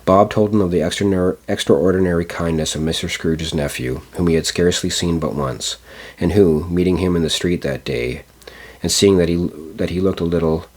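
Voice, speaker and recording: A man narrating a classic storybook aloud, measured, with small stumbles. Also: sits low, darkish tone. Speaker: audiobook narrator. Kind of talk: storybook reading.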